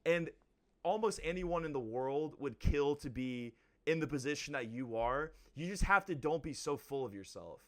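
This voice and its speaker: A young man co-hosting a podcast, talking in a measured, advice-giving way with lots of "like" fillers. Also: a little high, lively intonation, fairly bright tone. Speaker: podcast co-host. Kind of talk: casual podcast chat.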